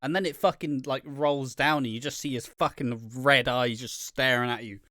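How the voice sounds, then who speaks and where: A man's voice: mid-range voice, fairly even intonation, normal speed, sharp tone, no echo, studio quality. A man co-hosting a casual podcast chat, sarcastic and profane, with mock enthusiasm. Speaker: podcast co-host. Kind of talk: casual chat reviewing wrestling.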